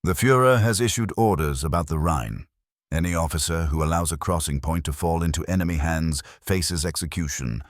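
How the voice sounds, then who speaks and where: A man's voice: a bass voice, brisk, no room sound, studio quality. A man voicing a stern, cold German colonel who speaks in clipped threats.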